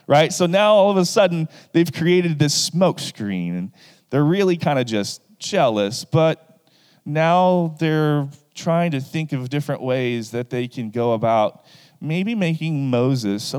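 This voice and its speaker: A man's voice: a little high, a little slow, clear, resonant tone, big-room sound. A man giving a casual Bible lesson, acting out the people in the story with lots of asides to the listeners. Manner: animated, acts out the people in the story. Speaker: preacher.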